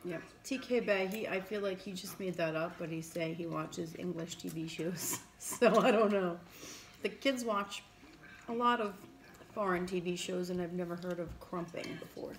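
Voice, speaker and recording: A woman's voice: lowish voice, normal speed, slight background noise, poor audio. Teasing New York woman, middle-aged. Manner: teasing, laughs often. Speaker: co-host. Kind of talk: casual chat while eating.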